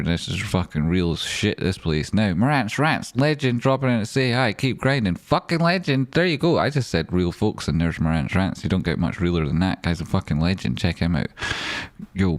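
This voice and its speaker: A man reading out live chat and joking with viewers on a stream, swearing often. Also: sits low. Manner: chatty, swears often, jokey banter. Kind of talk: casual livestream chat.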